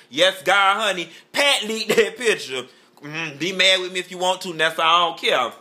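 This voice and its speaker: A man's voice: high-pitched, expressive, normal speed, pushed and bright. A man giving campy, sassy gossip commentary as a vlogger, drawling and calling the listener "honey" and "child" while throwing playful shade.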